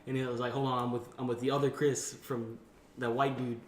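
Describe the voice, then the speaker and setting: A young man casually telling profane, animated stories to friends on a podcast. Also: mid-range voice, fairly quick, a little hiss or hum. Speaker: podcast co-host. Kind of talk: casual storytelling among friends. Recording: echoey room, distant from the mic.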